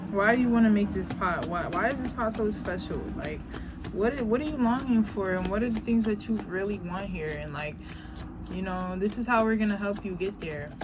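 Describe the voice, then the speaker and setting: A woman giving a casual tarot reading, talking bluntly and profanely, animated and laughing often. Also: mid-range voice, normal speed. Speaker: tarot reader. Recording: background noise.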